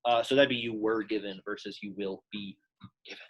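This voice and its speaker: Young male teacher, chatty and loose, a bit husky, classroom lesson. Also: on the low side, steady tone, fairly quick, a bit bright, muffled recording. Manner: casual, chatty, lots of "like" fillers. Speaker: Latin teacher.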